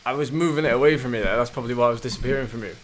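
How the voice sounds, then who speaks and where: A man's voice: mid-range voice, very fast, a little hiss or hum. A man co-hosting a casual live stream, talking in a flustered, fumbling way. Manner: flustered, fumbling, self-mocking. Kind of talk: casual chat while setting up a stream.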